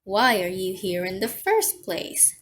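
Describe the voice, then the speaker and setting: A woman's voice: medium pitch, sing-song, a little slow, a little hiss or hum, low-quality recording. A woman voicing a grumpy older man who mutters curt, defensive replies. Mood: gruff.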